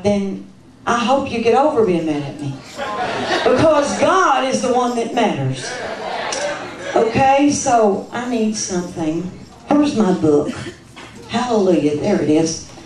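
A woman with a Kentucky accent preaches a sermon, her voice pitched high as she teases and questions the congregation with lots of emphasis. She is heard from a distance in a roomy, echoing church. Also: lively intonation, takes it slowly, background noise. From Kentucky, USA. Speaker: guest preacher. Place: church sanctuary.

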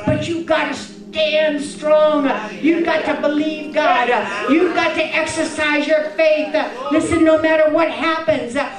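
A woman preaching a fervent sermon to a women's gathering, rising into sing-song passages and dropping in frequent fillers. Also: high-pitched. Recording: echoey room, voice from a distance.

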